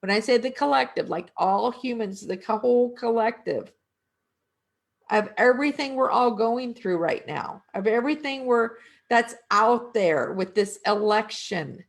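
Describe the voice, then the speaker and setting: Speaking with a fairly high pitch, lively intonation and vocal fry, a middle-aged female energy worker gives a relaxed spiritual talk. She goes slowly and thoughtfully, asking her listeners rhetorical questions.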